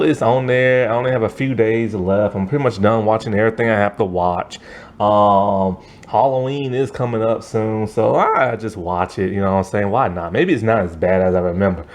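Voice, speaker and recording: A man's voice: medium pitch, a little mellow. A man giving a casual, ranting movie review, exasperated and laughing at how bad the film is, with informal slang.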